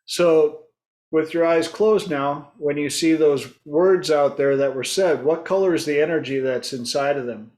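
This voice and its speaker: Unhurried man hosting a discussion. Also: a little high, a little mellow. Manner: storytelling, acts out clients' voices. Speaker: host. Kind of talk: casual group discussion.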